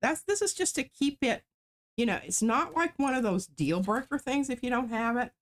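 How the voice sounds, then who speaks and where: A woman's voice: fairly high pitch, lively intonation, normal speed. A woman casually talking through an art stamping demo, explaining each step as she works. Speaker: artist demonstrating stamping. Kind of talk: casual craft demo chat.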